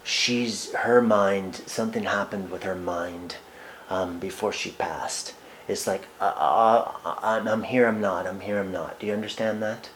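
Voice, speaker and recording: A man working as a psychic medium in a one-on-one reading, speaking haltingly with many fillers and restarts, sometimes dropping to soft murmured asides. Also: fairly low pitch, steady tone, a little hiss or hum.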